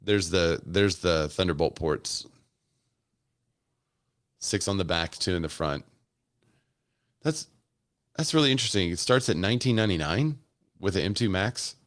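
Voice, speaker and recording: A man with a deep, low voice gives easygoing live commentary, thinking aloud and answering viewers' comments. The sound is close and dry, with no room around it. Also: normal speed, long pauses, a bit bright, no echo. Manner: casual, musing, chats with viewers in comments. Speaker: host. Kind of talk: live commentary on a keynote stream.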